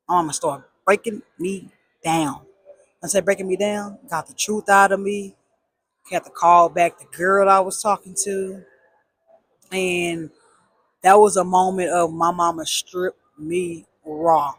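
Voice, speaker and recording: Woman telling a story, hyped and slangy, kinda husky, dry sound. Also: fairly low pitch, unhurried, no room sound. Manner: animated, emphatic repetition, slangy. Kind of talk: casual personal storytelling.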